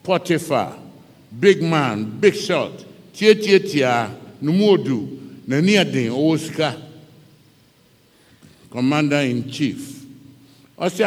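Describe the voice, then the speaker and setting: A Ghanaian-accented man preaches with dramatic storytelling, calling on his congregation to follow him closely. His delivery is slow and his pitch moves animatedly. His voice echoes through a reverberant church hall. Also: lively intonation. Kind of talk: sermon mixing Twi and English.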